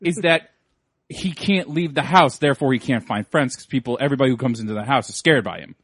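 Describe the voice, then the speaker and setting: A man's voice: mid-range voice, fast talker, fairly bright tone, breathy edge, no echo, studio quality. A man co-hosting a movie podcast, ranting emphatically and swearing freely. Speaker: podcast co-host. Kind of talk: casual podcast rant.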